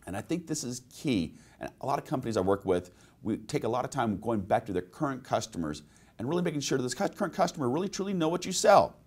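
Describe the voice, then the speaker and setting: Male sales trainer for a webinar: animated pitch, storytelling delivery, peppered with rhetorical questions. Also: fast talker. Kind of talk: webinar presentation.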